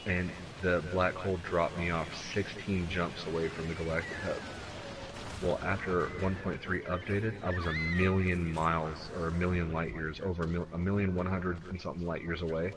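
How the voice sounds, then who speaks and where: A man's voice: sits low, flat delivery, normal speed, recorded from a distance, background noise. A man co-hosting a casual gaming stream, rambling and swearing, often restarting his sentences. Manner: rambling, profane, frequent restarts. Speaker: stream co-host.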